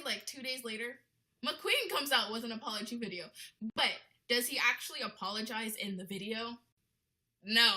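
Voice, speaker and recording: Bright-voiced indignant young woman vlogging. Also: a little high, lively intonation, a little fast, poor audio. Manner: indignant, blunt, fills talk with "like". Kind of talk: casual vlog rant.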